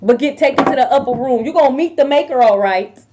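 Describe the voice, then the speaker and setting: High-voiced blunt woman tarot reader. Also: expressive, fast talker, dull audio, background noise. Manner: blunt, profane, with sudden loud outbursts. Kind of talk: casual tarot reading to viewers.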